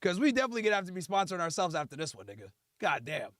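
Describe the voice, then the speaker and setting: A man's voice: sits high, very animated, rapid-fire, fairly bright tone, no echo, studio quality. A man hosting a livestream, ranting in a profane, heated and mocking way. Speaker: livestream host. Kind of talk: livestream rant.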